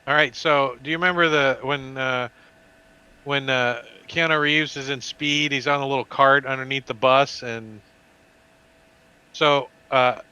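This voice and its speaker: A man narrating as dungeon master, animated and throwing in sound effects. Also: medium pitch, unhurried, clear, resonant tone, muffled recording. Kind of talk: narrating a tabletop game.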